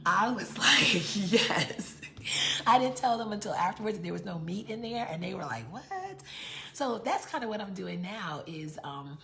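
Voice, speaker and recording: Gravelly-voiced woman chatting on a live stream. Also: mid-range voice, lively intonation, moderate pace, hardly any pauses, a crowd in the background. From New York. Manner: chatty, repeats words, reads out viewer comments. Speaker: author hosting a live book launch. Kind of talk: casual live-stream chat with viewers.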